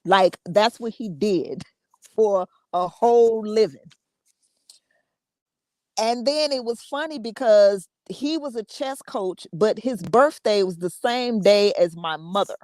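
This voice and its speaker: Slow-talking woman telling a story. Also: mid-range voice, darkish tone, no room sound. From United States. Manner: conversational, repeats words, laughs often. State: emotional, fighting tears. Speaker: podcast host. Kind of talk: personal storytelling.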